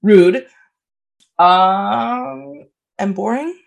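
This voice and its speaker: A woman's voice: medium pitch, drawn-out words, gravelly. A young woman co-hosting a casual podcast, asking questions and laughing often. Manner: laughs often, short backchannels. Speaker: podcast co-host.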